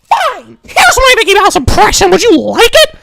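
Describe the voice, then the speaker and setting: A shrill squeaky cartoon mouse voice. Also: male voice, huge pitch swings, normal speed, creaky, dry recording, heavily acted. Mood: mocking shrill. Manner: mocking, loud, taunting.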